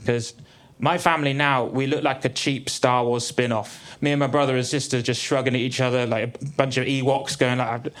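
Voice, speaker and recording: Dry deadpan comedian. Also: male voice, a little fast, hardly any pauses. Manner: deadpan, dry delivery with sudden high exclaimed punchlines. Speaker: stand-up comedian. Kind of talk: stand-up comedy set. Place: theatre stage. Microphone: stage mic. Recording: live theatre with crowd laughter. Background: audience laughing.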